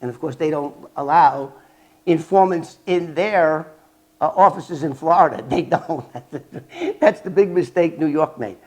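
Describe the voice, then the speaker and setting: An older man vlogging about his past as an informant, telling it in a rambling, animated way with restarts and fillers. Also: measured pace. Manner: animated, acts out quoted dialogue with sharp jumps in pitch and loudness. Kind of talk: casual storytelling vlog.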